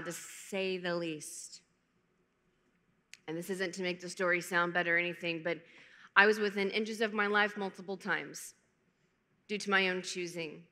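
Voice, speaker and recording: A woman's voice: medium pitch, pushed and bright. A woman in her thirties giving a candid, emotional personal testimony to a conference, with self-deprecating humor. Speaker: conference speaker. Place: large conference hall. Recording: reverberant hall.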